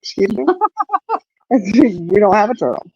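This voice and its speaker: A middle-aged woman with a drawl spins a family story in easy, casual chat, jumping up in pitch to act out each voice. Her voice is middle-pitched, and it comes through dry and a little dull, with no room around it. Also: a little slow, husky, dry recording. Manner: animated storyteller, acts out quotes. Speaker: host.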